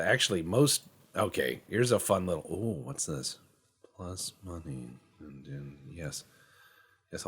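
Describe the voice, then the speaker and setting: Working through the game menus, this man rambles and jokes, muttering to himself and playing out imagined conversations in rapid quoted voices. His voice is low and husky, with a fairly bright tone.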